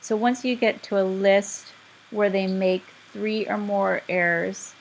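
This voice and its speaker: A woman's voice: medium pitch, steady tone, slow, creaky, a little hiss or hum, low-quality recording. A woman teaching a class, explaining step by step in a patient, direct way. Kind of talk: instructional lecture.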